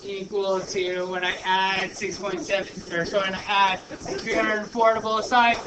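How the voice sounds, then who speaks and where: A male teacher working through a problem step by step in a classroom lesson, chatty and thinking out loud. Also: high-pitched, level tone, a little slow, hardly any pauses. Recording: noisy classroom recording.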